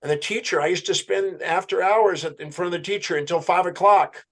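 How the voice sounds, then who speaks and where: A man's voice: high-pitched, brisk. A man telling a story as a podcast guest, acting out a client's words and his own questions. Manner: animated storyteller, quoting a client's answers.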